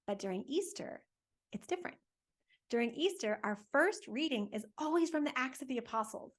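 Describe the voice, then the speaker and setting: A woman hosting a faith lesson for families, telling a Bible story to children in a lively, conversational way and asking her listeners questions as she goes. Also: high voice, fairly quick. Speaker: catechist host for families.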